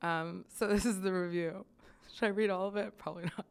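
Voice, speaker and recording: A woman's voice: on the low side, fairly even intonation, a little fast, smooth. A woman hosting her own podcast in casual chat, giggling often, rambling with fillers and swearing freely. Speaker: podcast host.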